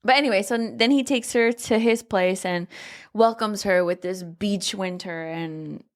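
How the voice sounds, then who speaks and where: A woman's voice: medium pitch, moderate pace. A young woman co-hosting a podcast, chatting casually about a book with playful asides and frequent laughter. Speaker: podcast co-host.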